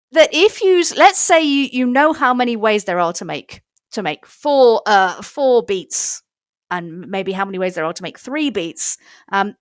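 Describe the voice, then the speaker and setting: A woman with a somewhat high voice explains an idea patiently, building it up one step at a time. The sound is dry and close, with little room around it. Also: a bit bright, no room sound. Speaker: mathematician guest. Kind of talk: explanatory interview answer.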